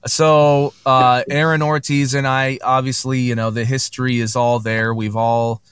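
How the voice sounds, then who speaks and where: A man's voice: medium pitch, flat delivery, unhurried, a bit bright, clean tone. A man chatting casually on a podcast, telling a long story with many fillers and restarts. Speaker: podcast guest.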